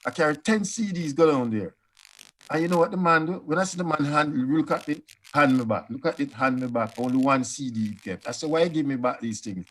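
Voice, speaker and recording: An older man with a Jamaican accent, a panelist telling stories in a lively, conversational way and acting out the people he quotes. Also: on the high side, brisk. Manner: animated, acts out quoted voices. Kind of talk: storytelling panel talk.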